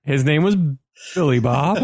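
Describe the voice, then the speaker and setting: A man's voice: a little high, expressive, slow pace, a little mellow, no room sound, studio quality. A man co-hosting a casual podcast, chiming in with playful laughing remarks. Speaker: podcast co-host.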